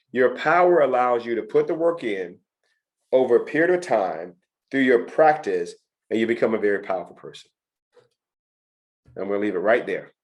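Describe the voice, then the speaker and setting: A middle-aged man teaching a test prep session to students, talking emphatically and repeating his key points. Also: mid-range voice. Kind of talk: lecture to students.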